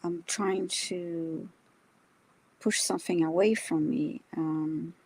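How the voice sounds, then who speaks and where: A woman co-hosting a live psychic reading, speaking softly and hesitantly with many ums. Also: lowish voice, steady tone, takes it slowly, low-quality recording. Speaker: psychic reader, co-host.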